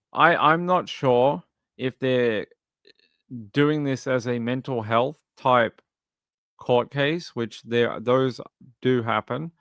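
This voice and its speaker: Aussie guy on a livestream, rambly chatty host, dry close mic, mid pitch. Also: a bit bright, no echo. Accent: Australian. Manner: rambling, reads news aloud then chats to viewers. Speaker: true crime livestream host. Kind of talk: casual livestream commentary.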